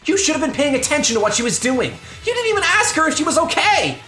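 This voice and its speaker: A woman voicing a brash, protective young man in a visual novel, loud and bright as he scolds. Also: sits high, sing-song, fast, pitched above the performer's own voice. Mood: scolding. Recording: echoey room, faint music behind.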